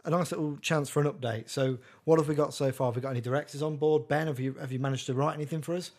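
A man's voice: a little high, fairly even intonation, racing, a little mellow. A man co-hosting a comedy podcast, dry and mock-serious. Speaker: podcast host. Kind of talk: casual comedy chat.

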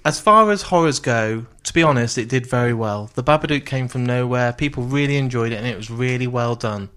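A man's voice: medium pitch, a little fast, fairly bright tone, smooth. A man co-hosting a podcast in playful, teasing casual chat. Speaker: podcast co-host.

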